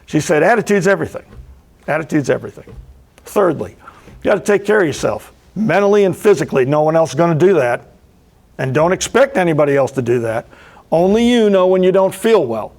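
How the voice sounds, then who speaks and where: A man's voice: a little high, lively intonation, fairly quick, a little mellow. A man giving opening remarks as a motivational speech, telling stories and repeating key phrases for emphasis.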